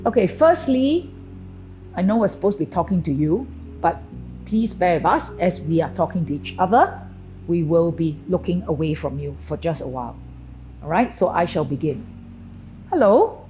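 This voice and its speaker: A middle-aged woman presenting a lesson on etiquette, speaking clearly and deliberately, slowing down to stress key phrases. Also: on the low side, animated, dark tone, faint music behind, rough recording. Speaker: etiquette and grooming trainer.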